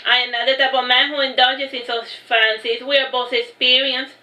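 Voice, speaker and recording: Woman reading as a sulky, dry-voiced thin mage, high bright voice, echoey room. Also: flat delivery, moderate pace. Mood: defiant. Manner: dry, pouting. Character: thin, pouting, defiant male mage. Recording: roomy echo.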